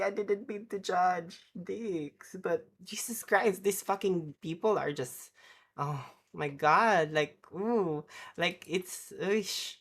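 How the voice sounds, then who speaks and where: A woman's voice: on the low side, slow pace. A woman streamer ranting in casual chat, sweary and rambling, apologizing as she goes.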